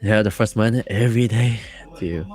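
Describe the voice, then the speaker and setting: رجل يروي قصة بحماس وثرثرة. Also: male voice, lowish voice, normal speed, faint music behind. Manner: rambling, excited, with many fillers and restarts. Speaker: podcast guest. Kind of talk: casual storytelling.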